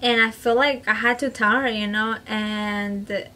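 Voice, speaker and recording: A woman's voice: medium pitch, fairly even intonation, measured pace, sharp tone, low-quality recording. A woman vlogger casually telling a personal story to camera, filling her talk with "like" and "you know" and slipping into Spanish phrases. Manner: chatty, fills speech with "like" and "you know".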